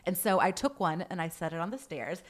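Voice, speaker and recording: A woman's voice: on the low side, brisk. A young adult woman who runs a hair salon, telling a story in casual podcast chat with lots of "like". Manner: animated storytelling with frequent "like".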